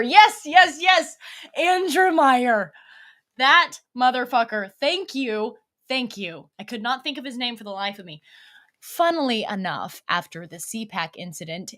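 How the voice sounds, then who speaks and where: A woman's voice: mid-range voice, fairly bright tone. A woman hosting a livestream, talking in a blunt, profane, rambling way as she tells stories casually to her viewers. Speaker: livestream host.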